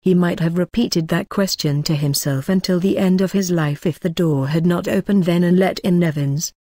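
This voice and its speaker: A woman narrating a novel as an audiobook in a steady, measured reading. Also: lowish voice, no room sound, studio quality.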